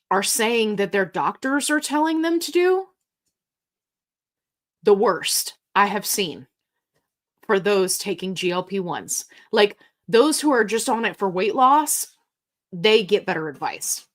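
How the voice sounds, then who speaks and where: A woman hosts a casual livestream Q&A in a frank, chatty way. She reads viewer comments aloud and responds to them. Her delivery is slow and unhurried, with a voice pitched in the middle for a woman. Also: sing-song. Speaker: livestream host answering viewer questions. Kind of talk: casual live Q&A chat.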